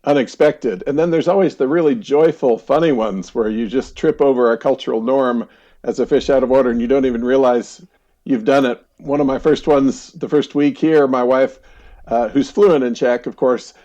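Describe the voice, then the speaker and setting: A middle-aged man from the United States, a counselor guest, talking in a relaxed, chatty way with easy laughs and frequent fillers. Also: mid-range voice, normal speed, dull audio. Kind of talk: casual interview storytelling.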